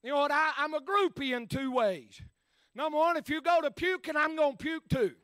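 A man preaching a sermon in a rhythmic style, dotting his phrases with "uh" and swinging between shouted peaks and hushed asides. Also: very high-pitched, a little fast, no echo.

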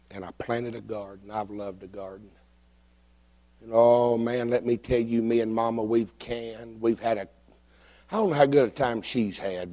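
A middle-aged man preaching a folksy, joking sermon in a church, breaking into shouts. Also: on the low side. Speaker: pastor. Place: church sanctuary.

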